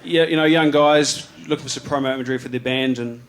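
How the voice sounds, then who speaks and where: A New Zealand photographer speaks quickly in a medium-pitched voice with fairly even intonation, giving a live talk about his slides to an audience at an event venue. His style is casual and rambling, packed with ums, restarts and slang, in a New Zealand accent.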